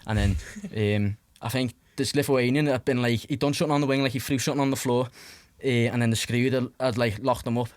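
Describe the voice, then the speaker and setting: A man's voice: medium pitch, steady tone, fast, few pauses, dry recording. Rambling young Scouse man. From Liverpool, England. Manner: rambling, lots of "like" fillers and swearing. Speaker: podcast guest. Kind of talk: casual anecdotal storytelling.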